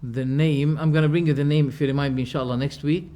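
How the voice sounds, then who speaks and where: A man's voice: fairly high pitch, steady tone, quick pace, warm tone. A man giving a religious lecture to a class, restating each term in plain words and throwing rhetorical questions at his listeners. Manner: explains terms by restating them. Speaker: religious teacher.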